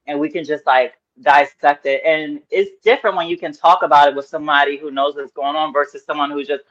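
A woman guest in casual chat, telling stories in an animated way and acting out the people she quotes. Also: low-pitched, fairly quick, lo-fi sound.

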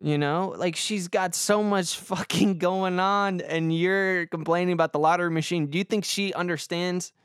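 Young male podcast host, rambling and profane, smooth clear voice, dry close sound. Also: high voice, steady tone, moderate pace, few pauses, fairly bright tone, no room sound. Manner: rambling, swears a lot, self-deprecating. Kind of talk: casual comic monologue.

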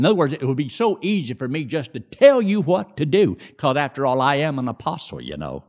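Man preaching, middle-aged, animated pitch, climbs high on emphasis, chatty asides. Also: brisk. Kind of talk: sermon.

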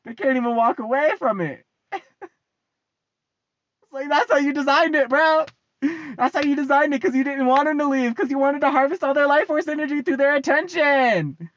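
A young adult with an American accent and a high-pitched voice delivers a casual ranting monologue to the camera at a moderate pace. They swear freely, repeat phrases for emphasis, and laugh often. The recording is dull, lo-fi, and dry.

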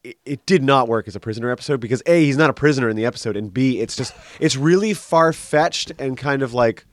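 A man's voice: mid-range voice, fast, no echo. A man co-hosting a podcast in casual chat, giving his opinions freely with plenty of fillers. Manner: chatty, opinionated, many fillers. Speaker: podcast co-host.

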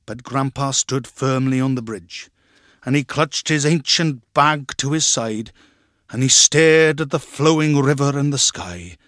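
A man reads a story aloud with expression, slipping into the voices of its characters. His pitch sits in the middle range. The recording is dry and close. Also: unhurried, a bit bright, dry recording. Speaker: reader. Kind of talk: dramatic reading of a story.

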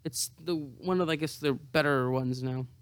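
A man's voice: fairly high pitch, normal speed, clear, resonant tone. A hungover young man rambling to camera in a profane, self-mocking monologue. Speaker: vlogger.

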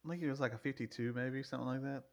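A man in casual gaming chat, chiming in with short, quick remarks. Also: mid-range voice, fairly even intonation. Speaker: gaming co-host.

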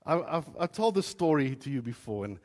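A man's voice: medium pitch, sing-song, brisk, long reverb tail. Pastor from South Africa telling his story. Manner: storytelling, swings from soft to loud with emotion. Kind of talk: sermon. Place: church.

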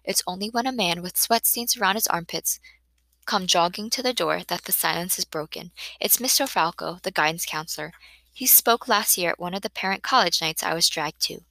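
A woman narrating a first-person novel in an expressive, emotional reading on a close studio mic. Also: on the low side, fairly quick, gravelly, no room sound, low-quality recording. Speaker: audiobook narrator.

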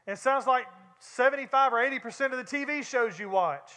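Bright high-voiced Southern preacher. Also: male voice, brisk. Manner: conversational preaching, addresses congregation directly. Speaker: pastor. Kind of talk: sermon.

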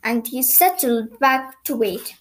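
A woman reads a bedtime story aloud in a gentle, soothing way. Her voice is high, and she takes her time over every line. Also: lively intonation, poor audio. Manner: gentle, slow, soothing reading.

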